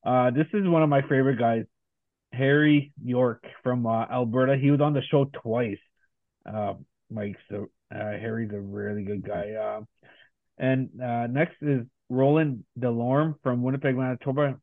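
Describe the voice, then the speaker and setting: A man's voice: mid-range voice, fairly even intonation, moderate pace, no room sound. A man co-hosting a casual podcast, reading through a long list of guest names. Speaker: podcast co-host. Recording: tinny phone-like sound.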